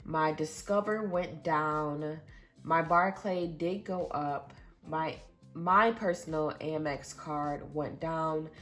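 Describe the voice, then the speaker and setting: A woman's voice: low voice, slow pace, fairly bright tone, faint music behind. A young adult woman talking casually and earnestly to her viewers, reading out exact figures. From Michigan, USA. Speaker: budgeting vlogger. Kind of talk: casual budget update.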